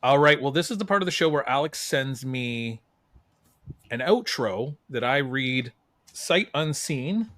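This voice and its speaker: A man's voice: medium pitch, expressive, unhurried, fairly bright tone, dry recording. A man hosting a podcast, chatting in a laid-back, jokey way. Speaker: podcast host. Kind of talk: casual chat.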